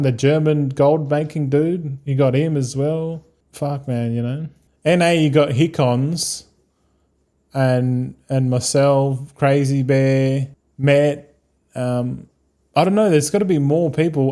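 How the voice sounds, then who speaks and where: A fairly high-voiced Australian man talks to his stream viewers in a loose, rambling way. He swears freely and calls everyone "mate" and "boys", drifting from one thought to the next. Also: steady tone, slow, warm tone. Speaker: game streamer. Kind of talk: casual live-stream chat.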